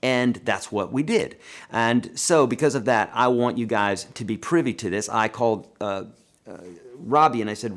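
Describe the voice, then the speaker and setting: A man hosting a live guitar lesson and Q&A, chatty and animated, talking to viewers as friends and reading their questions aloud. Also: mid-range voice, moderate pace. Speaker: guitar teacher hosting a livestream.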